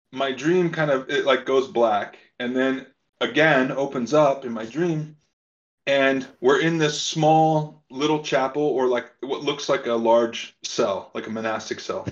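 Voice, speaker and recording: Soft-spoken man telling a personal story. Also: medium pitch. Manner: halting, many fillers and restarts. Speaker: podcast guest. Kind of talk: casual storytelling. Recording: slightly dull lo-fi sound.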